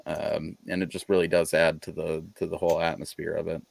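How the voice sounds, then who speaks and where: Low gravelly man, laid-back podcast chat. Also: little pitch movement, a little fast, no room sound. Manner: laid-back, rambling, swears freely. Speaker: podcast co-host. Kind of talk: casual chat.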